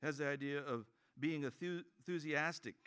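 A man's voice: a little high, moderate pace, a bit bright, smooth. A man preaching a sermon as pastor, conversational and joking, acting out quoted voices.

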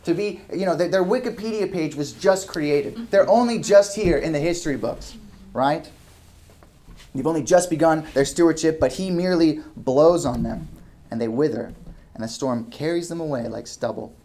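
A male pastor delivering a sermon, reading scripture aloud, rising into loud emphatic questions and dropping to soft asides. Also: on the high side, moderate pace, a little hiss or hum. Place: church hall with a ceiling.

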